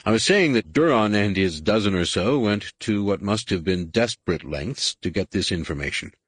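A man's voice: lowish voice, animated, moderate pace, husky, no room sound, voice pushed up. A man reading the part of a blunt veteran pilot officer who speaks in a dry, businesslike way. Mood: dry firm.

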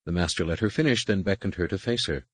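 Deep, husky male audiobook narrator. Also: quick pace, no room sound. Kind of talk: scripted narration.

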